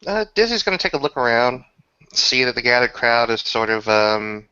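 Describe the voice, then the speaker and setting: Bright, clear-voiced man narrating his turn. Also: medium pitch, sing-song, no echo, lo-fi sound. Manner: casual, halting with many fillers. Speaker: tabletop player. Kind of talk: narrating his character's actions.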